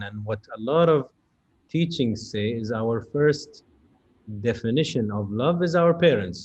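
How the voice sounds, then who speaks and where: A man hosting an interview show, responding to his guest in a thoughtful, affirming way and growing animated when he makes a point. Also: lowish voice, lo-fi sound. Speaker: interview host. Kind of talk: conversational interview.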